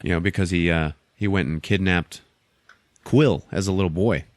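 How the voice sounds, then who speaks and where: A man's voice: low-pitched, normal speed, dry recording. A man hosting a podcast, recapping a movie's plot in an offhand, profane, casual way. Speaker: podcast host.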